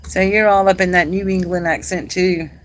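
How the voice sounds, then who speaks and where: A middle-aged woman from South Carolina with a Southern accent, chatting casually and warmly with viewers on a live craft stream, laughing often. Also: on the low side, fairly even intonation, moderate pace, poor audio. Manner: chatty and homey, laughs often, says "y'all". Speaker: craft channel host.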